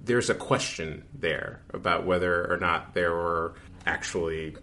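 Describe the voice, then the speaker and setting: A man's voice: low-pitched, steady tone, unhurried, pushed and bright, slight background noise. A man co-hosting a podcast, recapping an episode in a rambling, casual way with many fillers and restarts. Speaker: podcast co-host.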